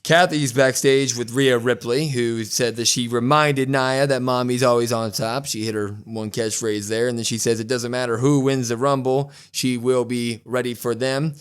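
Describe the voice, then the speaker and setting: A man co-hosting a podcast, retelling a wrestling show in a casual, animated way, quoting what was said. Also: mid-range voice, moderate pace, hardly any pauses, smooth. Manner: animated storytelling, quotes wrestlers. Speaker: podcast co-host. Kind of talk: casual wrestling recap chat.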